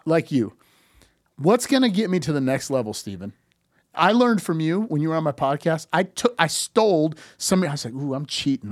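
A man in his fifties with a slightly raised voice, chatting on a podcast. He tells stories animatedly, acting out the people he quotes and often restarting his sentences. The sound is close and dry, with no room echo. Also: a little high. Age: 50s. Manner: animated storyteller, acts out quoted dialogue, frequent restarts. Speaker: podcast guest. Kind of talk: casual podcast conversation.

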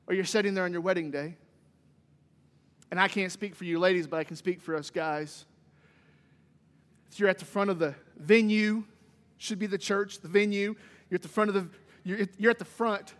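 A man preaching a sermon, moving from loud exclamations to quiet asides and folksy stories. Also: high-pitched, steady tone, normal speed, pauses often. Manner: folksy, humorous anecdotes. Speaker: pastor. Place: church sanctuary. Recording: long church reverb.

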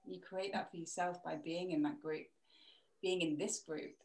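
A woman's voice: lowish voice, steady tone, normal speed, darkish tone. A woman speaking as a podcast guest over a video call, encouraging and laughing easily. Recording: roomy echo.

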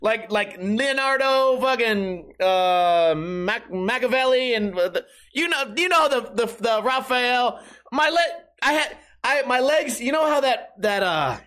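Man, streamer, casual chat, profane, giggly, high pitched, animated. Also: a little slow.

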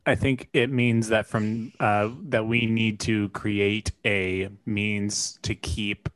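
A man co-hosting a casual podcast chat, playful and quick to laugh. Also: fairly low pitch, little pitch movement, a bit bright, clear, resonant tone. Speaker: podcast co-host.

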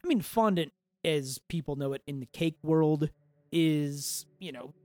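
A man's voice: on the high side, a little slow, no echo. A man with a slightly raised voice chats on a podcast, swearing freely as he tells his story with big enthusiasm. The sound is dry and close, with no room behind it. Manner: animated, profane, enthusiastic storytelling. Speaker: podcast co-host. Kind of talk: casual chat.

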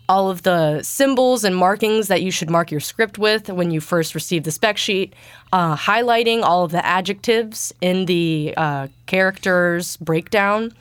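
A young woman voice actor with a naturally deep voice, a little congested from allergies, answering interview questions casually. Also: clear, resonant tone, no room sound. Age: young adult. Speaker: guest voice actor.

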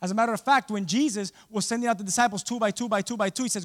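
A man preaching a sermon, calling out to the congregation for responses and swinging between loud exclamations and hushed asides. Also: high-pitched, rapid-fire, few pauses. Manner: animated, asks the congregation for responses.

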